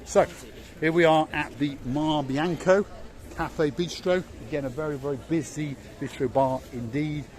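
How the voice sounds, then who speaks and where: A man's voice: fairly high pitch, steady tone, normal speed, darkish tone. Chatty Yorkshire man vlogging outdoors. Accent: Yorkshire English. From England. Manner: chatty, repeats words for emphasis. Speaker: vlog host. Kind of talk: walking tour vlog. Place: seaside promenade outdoors. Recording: outdoor street noise.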